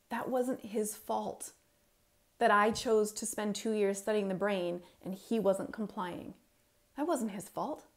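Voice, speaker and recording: A middle-aged woman who works as a parenting coach delivers a motivational talk from the stage. Her voice is fairly high, and she speaks emphatically to the audience, repeating her key points.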